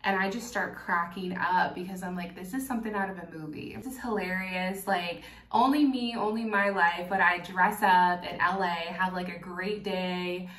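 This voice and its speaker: A young woman from Kentucky, telling a candid, animated story to camera while doing her makeup, laughing and swearing freely. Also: on the low side, normal speed, few pauses, reverberant, distant mic. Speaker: vlogger.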